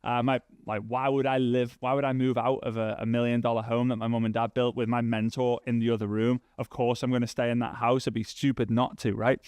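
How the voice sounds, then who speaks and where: A young man giving a workshop talk to a live audience, telling a story with lively, acted-out dialogue. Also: brisk, hardly any pauses, smooth, dry recording. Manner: animated, acts out dialogue with big pitch jumps. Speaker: workshop speaker.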